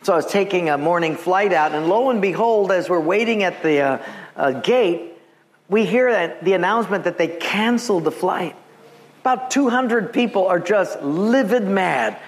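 A man's voice: high voice, lively intonation, moderate pace. A male pastor preaching a sermon, telling stories with humor and acting out the people in them. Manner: storytelling with humor and acted quotes.

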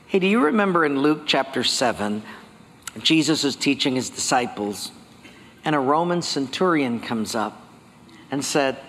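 A male pastor preaching a sermon, telling stories with lively acted-out dialogue. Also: medium pitch, moderate pace, a little hiss or hum. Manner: animated storytelling, acting out dialogue. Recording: long hall reverb.

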